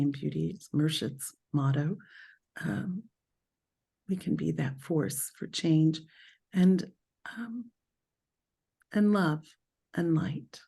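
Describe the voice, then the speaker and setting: Slow, low-voiced woman leading spiritual talk. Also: dark tone. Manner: thoughtful, halting, with pauses and self-corrections. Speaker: spiritual group leader.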